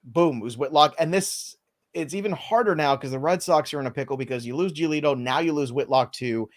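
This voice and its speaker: A man hosting a live fantasy baseball podcast, running through injury news with dry sarcastic asides. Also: a little high. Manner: wry, sarcastic, quick rundown of injury news.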